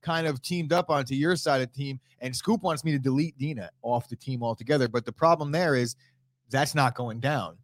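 A man's voice: mid-range voice, brisk, no echo. A man with a stuffy, allergy-congested nose, co-hosting a casual sports chat, brash and teasing with lots of swearing. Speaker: podcast co-host.

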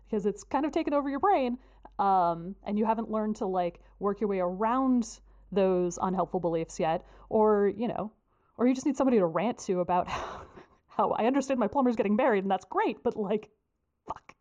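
A woman's voice: medium pitch, animated, brisk, a little mellow. A woman host in casual chat, frank and chatty with lots of fillers. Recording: dull lo-fi recording.

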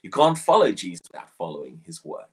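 A man's voice: low voice, very animated, fast talker, a little mellow, slightly rough. A man preaching a short morning devotional, earnest and questioning, often repeating words as he presses a point.

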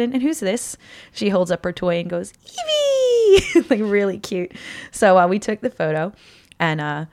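A woman in her thirties, a cosplayer, telling stories in a lively casual chat and laughing often. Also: on the low side, vocal fry, no room sound. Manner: animated storyteller, laughs often. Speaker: cosplayer guest.

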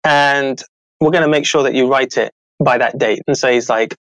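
A middle-aged man, an author and show host, telling a story in a casual, animated way and acting out the people he quotes. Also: mid-range voice, moderate pace, no echo, poor audio. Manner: animated, acts out quoted voices, laughs often.

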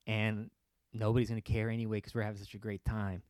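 Sarcastic ranting man, low dry voice. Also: little pitch movement, fairly quick, darkish tone, no echo. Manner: sarcastic, laughs often, acts out voices in whispers. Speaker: podcast host. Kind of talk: comedic ranting monologue.

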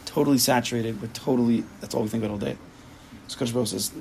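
Gravelly-voiced rabbi lecturing emphatically. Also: male voice, mid-range voice, fast talker, warm tone, a little hiss or hum, rough recording. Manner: emphatic, acts out inner voices in quotes. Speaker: rabbi teaching a class. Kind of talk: Torah class lecture.

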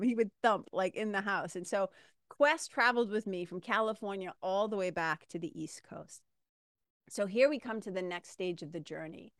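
A woman's voice: mid-range voice, no echo, clean studio sound. Chatty woman telling a story. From Massachusetts, USA. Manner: chatty and animated, addresses listeners as "you guys". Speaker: podcast host. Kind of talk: casual storytelling monologue.

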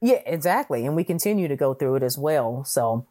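A woman's voice: a bass voice, lively intonation, fairly quick, dark tone. A woman co-hosting a podcast, chatting casually and laughing easily as she asks questions.

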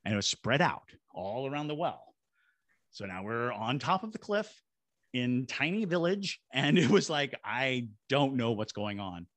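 A man's voice: mid-range voice, very animated, a little slow, fairly bright tone, dry recording. A man, a paranormal investigator and ghost tour guide, telling a story as a podcast guest and acting out voices and sound effects. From Savannah, Georgia. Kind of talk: animated storytelling in a podcast interview.

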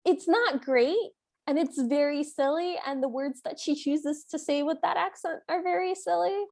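High-voiced woman podcast co-host. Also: moderate pace, vocal fry, darkish tone. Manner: playful, acts out quotes with laughs. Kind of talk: casual chat recapping a movie.

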